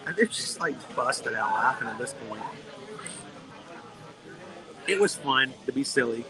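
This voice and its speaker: A middle-aged man hosting a live stream, telling a playful story in a casual, animated way, outdoors in a theme park. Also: mid-range voice, unhurried, low-quality recording. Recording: busy crowd noise behind. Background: crowd, park sounds.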